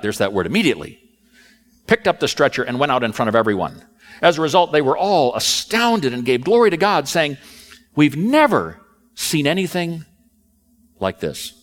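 Lively, conversational male preacher. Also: mid-range voice. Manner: conversational, animated storytelling. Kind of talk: sermon.

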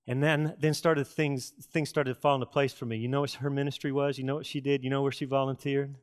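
A middle-aged man preaching a sermon from Texas, telling folksy stories with dramatic pauses and asides. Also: mid-range voice, flat delivery. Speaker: pastor.

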